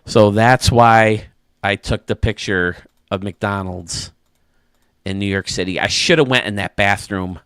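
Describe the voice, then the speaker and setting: Animated chuckling male storyteller. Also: lowish voice, unhurried, smooth, no echo, studio quality. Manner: animated, chuckling anecdote-teller. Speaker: gaming channel host. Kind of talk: casual storytelling to camera.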